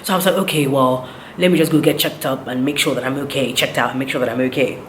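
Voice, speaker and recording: A woman's voice: extremely low pitch, steady tone, fast, reverberant, a little hiss or hum. A woman, animatedly retelling a story in a casual vlog, with indignant quoted dialogue. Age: 30s. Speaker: vlogger.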